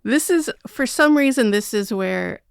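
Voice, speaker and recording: A woman co-hosting a podcast, chatting casually about a film, wry and blunt, quick to laugh. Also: a little high, expressive, creaky, clear, resonant tone, no room sound, clean studio sound. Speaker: podcast co-host. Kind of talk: casual movie-review chat.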